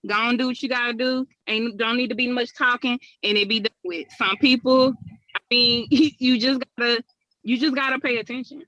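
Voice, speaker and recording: Woman co-host, relaxed conversational talker, dry close recording. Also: fairly high pitch, normal speed, no room sound, highs cut off. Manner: relaxed, conversational, trailing restarts. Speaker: podcast co-host. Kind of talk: casual chat.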